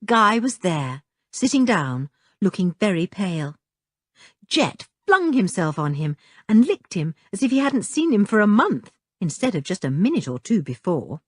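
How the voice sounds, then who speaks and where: A woman narrating a children's audiobook in an expressive, storybook manner. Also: medium pitch, normal speed, breathy edge, no room sound, clean studio sound. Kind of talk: scripted narration.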